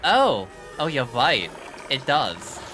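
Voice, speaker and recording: Male live streamer, playful and reactive with chat; wildly expressive pitch, forceful bright tone. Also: slow pace, a little hiss or hum. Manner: jokey, reacting aloud and greeting chat. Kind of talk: live gameplay commentary.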